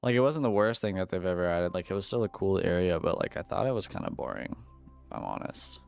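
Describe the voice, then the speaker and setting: Low-pitched and fast, his voice has a sing-song lilt, some vocal fry, and a slightly mellow, clean tone. He streams a game and riffs jokingly with viewers in slang, with faint music in the background.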